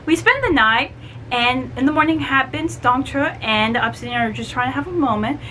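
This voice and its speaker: A woman chatting through a book review, animated and full of "like" and "you know". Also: high voice, moderate pace, slight background noise, poor audio. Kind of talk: casual book review vlog.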